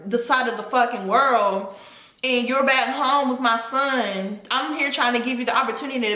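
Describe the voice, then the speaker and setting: Young woman vlogger, fairly high and bright, profane and heated, echoey room. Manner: heated, profane, venting to viewers. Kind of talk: casual storytime rant.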